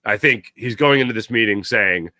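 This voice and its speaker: Bright, opinionated male sports talk host. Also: normal speed, no echo, clean studio sound. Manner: rambling and opinionated, with many fillers and self-corrections; gets louder and higher when worked up. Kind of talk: solo sports talk commentary.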